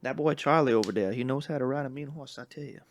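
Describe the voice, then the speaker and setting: A blustery Old West cowboy, put on by a man, drawls his way through the bit in a gravelly voice. He is rowdy and quick to take offense. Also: mid-range voice, a little hiss or hum, lightly acted. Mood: teasing.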